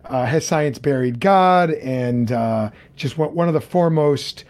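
A man hosting an interview over a video call, his voice pitched a little above the usual for a man. He talks casually and haltingly, full of "um"s and restarted phrases. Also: a little mellow. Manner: halting, many fillers and restarts. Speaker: interview host.

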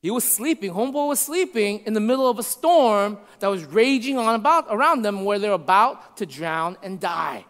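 A man preaching a sermon to a congregation, conversational and checking in with his listeners, dropping to a hush for emphasis. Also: sits high, lively intonation, moderate pace, few pauses. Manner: shifts from loud to hushed for emphasis. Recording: long hall reverb.

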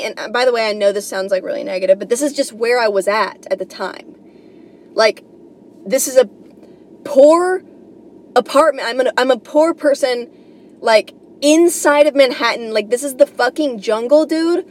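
A young woman from New York rambles through a comedy podcast monologue, swearing freely and filling her sentences with "like" and "you know". Her voice sits a little on the high side. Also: normal speed. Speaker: podcast host.

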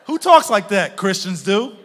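A male pastor preaching a sermon to his congregation, moving from hushed asides to loud shouted peaks, with playful laughing remarks. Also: high-pitched, big pitch swings, measured pace. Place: church sanctuary with a congregation. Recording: long reverb of a large church hall.

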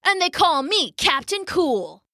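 A woman voicing Liam, a cocky, joking young boy who talks in a slow, drawling, self-assured way in a children's audio story. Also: extremely high pitch, big pitch swings, pushed and bright, dry recording, studio quality, voice pushed up, heavily acted.

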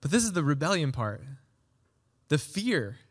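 A man's voice: a little high, big pitch swings, unhurried. A pastor in his thirties giving a conversational sermon, acting out little quoted voices as he goes.

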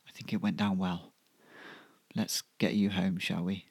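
A man's voice: low voice, little pitch movement, unhurried, gravelly, husky, no echo, heavily acted. A man voicing a flustered, evasive wife who stammers and hesitates.

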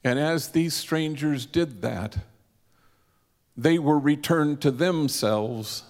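Male preacher, gravelly voice, vivid storyteller; slows on key lines, long hall reverb. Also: fairly high pitch, a little mellow. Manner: vivid storyteller, slowing for emphasis. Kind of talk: sermon storytelling.

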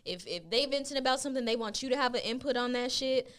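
A woman co-hosting a podcast in casual chat, blunt and profane, telling stories with animated asides. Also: sits high, quick pace. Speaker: podcast co-host.

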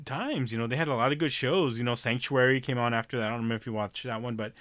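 A man talks loosely about shows he likes. He rambles, swears freely and laughs often. His voice is bright and the sound is dry. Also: medium pitch, very fast, no echo. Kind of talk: casual chat about TV shows.

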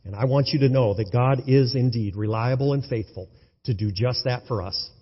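A male pastor preaching an enthusiastic sermon, swinging between loud exclamations and hushed tones. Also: mid-range voice, moderate pace. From United States. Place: church sanctuary. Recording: dull, lo-fi sound in a reverberant hall.

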